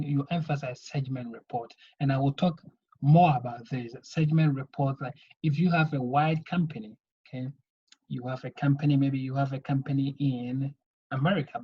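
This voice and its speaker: A man's voice: medium pitch, fairly even intonation, moderate pace, slightly rough. A man teaching an accounting lesson, explaining step by step and often checking in with "okay?". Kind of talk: video lesson lecture. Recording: dull lo-fi recording.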